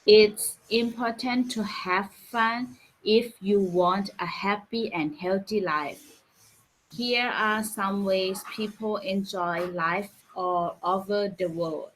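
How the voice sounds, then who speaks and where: Slow, careful woman English learner. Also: medium pitch, a little hiss or hum, rough recording. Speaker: adult English student. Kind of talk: reading aloud and repeating.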